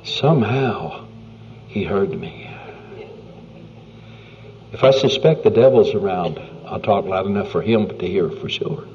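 A man preaching a sermon in an earnest, conversational way, often dropping to a hushed near-whisper. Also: on the low side, a little slow, pauses often, slight background noise. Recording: dull lo-fi recording with faint music.

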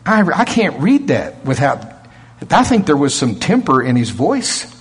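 A man's voice: a little high, very animated, a little slow, slightly rough. A man preaching a sermon, emphatic and chuckling often.

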